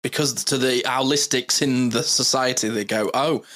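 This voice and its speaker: A man's voice: mid-range voice, fairly even intonation, moderate pace, fairly bright tone. Joking man in casual banter. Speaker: podcast co-host. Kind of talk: casual chat.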